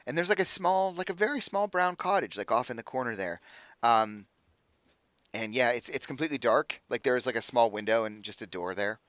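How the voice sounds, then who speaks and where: A man's voice: medium pitch, animated, a little fast, fairly bright tone, no room sound. Young guy dm-ing a tabletop game, says like a lot, mid voice, dry close sound. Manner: casual, filler-heavy with constant "like". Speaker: game master.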